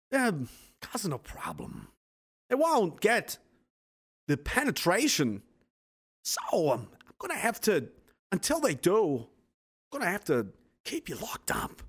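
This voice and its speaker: A young man voicing a smug, condescending male government official, quiet and falsely soothing. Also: high voice, vocal fry, husky, exaggerated voice.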